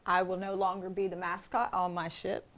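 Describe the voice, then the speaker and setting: A woman playing a defiant pirate deckhand in a gravelly, growling pirate voice. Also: lowish voice, flat delivery, moderate pace, fairly bright tone.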